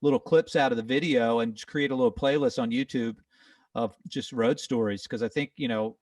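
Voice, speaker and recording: A man's voice: medium pitch, fairly quick, a little mellow, no room sound, distant mic. A middle-aged man co-hosting a podcast, musing in a rambling, thoughtful way with many fillers. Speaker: podcast co-host, band member. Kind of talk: casual reflective chat.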